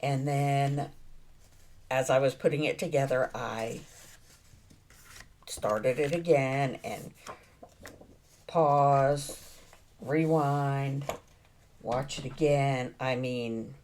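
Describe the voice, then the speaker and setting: A woman, chatting casually and wryly to herself as she works through a craft project, dropping into soft muttered asides. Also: very deep voice, steady tone, very slow, pauses often. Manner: wry, self-mocking muttering to herself; drops into soft asides while working. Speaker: crafting vlogger. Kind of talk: casual narration while crafting. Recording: noisy background.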